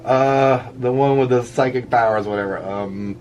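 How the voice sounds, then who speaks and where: This muffled recording captures a middle-aged man, a vlogger, talking at a moderate pace in a medium-pitched, slightly mellow voice. He draws as he rambles through a story, frequently laughing at his own jokes, with faint music underneath.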